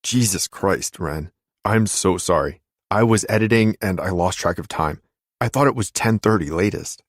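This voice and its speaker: A man's voice: deep voice, moderate pace, no room sound, clean studio sound. Grumpy, flustered older brother, read by a man. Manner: flustered, grudging. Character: grumpy adult chef, harried older brother.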